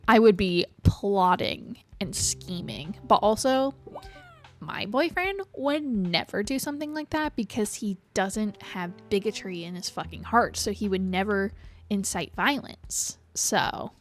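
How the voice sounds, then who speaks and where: A woman's voice: mid-range voice, a little slow. A young adult woman streaming a game, chatting casually in a rambling way, swearing freely and laughing often. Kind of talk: casual chat while playing a game. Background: faint background music.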